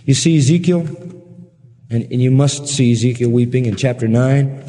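A man's voice: mid-range voice, normal speed, mellow. A man preaching a sermon with passion, pressing his listeners with rhetorical questions and closing in prayer. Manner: impassioned, full of rhetorical questions. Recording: long hall reverb.

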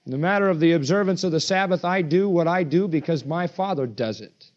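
A man preaching a sermon, emphatic and animated, acting out the quoted voices in his argument. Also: fairly quick. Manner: emphatic, acts out quoted voices with rising pitch. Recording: dull lo-fi sermon recording.

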